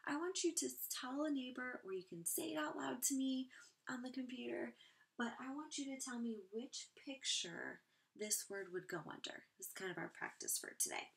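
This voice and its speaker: A woman teaching a first grade phonics lesson online, encouraging and clearly sounding out each word for young children. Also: high voice, very animated, normal speed.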